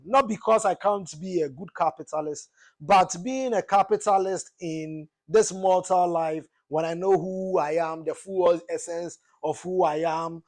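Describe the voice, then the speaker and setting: A high-voiced man with a Ghanaian accent lectures passionately in a casual monologue. He gets preachy and mixes Twi words into his English. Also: a little mellow. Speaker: political commentator.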